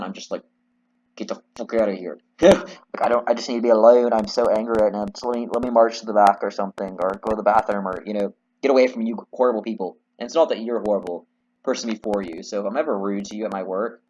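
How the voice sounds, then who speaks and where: A man's voice: lowish voice, darkish tone, highs cut off, a little hiss or hum. A man giving casual, rambling and candid commentary while playing a video game, swearing freely. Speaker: video game let's player.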